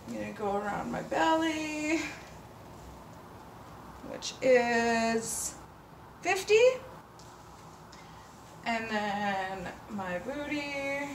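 A woman's voice: on the high side, slight background noise. Bubbly woman vlogging in a roomy apartment. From Canada. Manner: rambling, emotional, bubbly with sudden bursts of excitement. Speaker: fashion vlogger. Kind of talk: casual chat to camera. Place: apartment room with door open, city sirens outside. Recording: roomy, mic at a distance. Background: faint city ambience.

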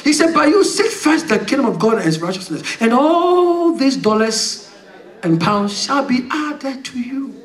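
High-pitched shouting preacher. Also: male voice, far from the mic. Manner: fiery, shouting preacher with call-and-response. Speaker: pastor. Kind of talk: sermon. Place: church. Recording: echoey church hall, mic from afar, congregation.

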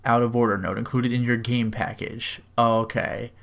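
A man's voice: medium pitch, level tone, normal speed, gravelly, fairly bright tone. Dry-humored man reading a text game. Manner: dry, wry commentary with drawled commands. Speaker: game video host. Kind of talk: reading a text adventure aloud. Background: faint keyboard typing.

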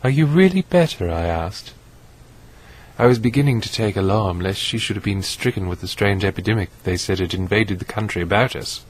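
Male reader, fairly low voice, calm and unhurried story narration. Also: breathy edge, poor audio. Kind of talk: audiobook narration.

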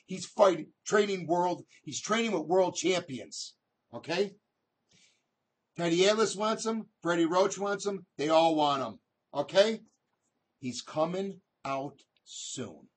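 A brash man talks straight to the camera, pumping up upcoming fights in loud, emphatic bursts and checking in with "okay?" over and over. His voice sits a little high for a man and comes out husky and rough-edged. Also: takes it slowly. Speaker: boxing promoter and video host. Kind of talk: hype promo talk to camera.

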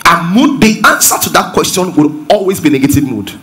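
Lively Nigerian pastor preaching. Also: male voice, a little high, fairly quick. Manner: lively, rising to emphatic preaching. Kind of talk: interactive sermon.

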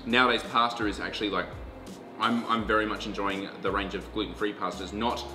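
A man's voice: lowish voice, little pitch movement, brisk. A man hosting a casual wine livestream chat, reading out viewer comments as he goes. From Australia. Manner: chatty, reads out viewer comments. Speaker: podcast host. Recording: echoey room with faint music.

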